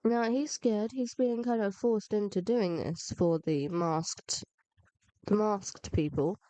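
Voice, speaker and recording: A woman's voice: medium pitch, takes it slowly, dark tone, clean tone, no room sound. A woman narrates her gameplay in a dry, close recording, her voice sitting in an ordinary middle register. She is under the weather with a cold, and she rambles along, poking fun at herself as she plays. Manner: self-mocking and rambling. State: unwell with a cold. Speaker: gaming video narrator. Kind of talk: casual gameplay commentary.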